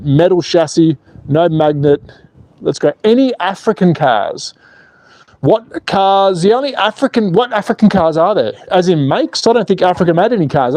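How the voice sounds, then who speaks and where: A man hosting a live stream outdoors, commentating with excitable jokes and reading viewer chat aloud. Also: high voice. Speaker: slot car channel host.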